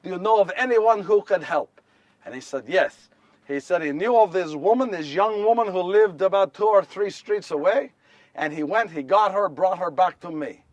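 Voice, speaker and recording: A man's voice: high voice, moderate pace, no echo, recorded from a distance, highs cut off, lightly acted. A man playing young nervous Joseph. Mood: wry. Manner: repetitive, wry storytelling with self-corrections. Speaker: solo stage performer. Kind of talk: first-person dramatic monologue. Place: live stage before an audience.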